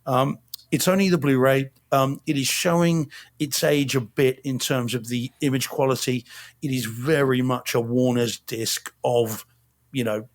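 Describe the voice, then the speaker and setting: A man's voice: medium pitch, fairly even intonation, unhurried. A man co-hosting a home theater podcast, reviewing a film in casual chat with lots of ums and restarts. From not from Boston. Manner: chatty, many fillers and restarts.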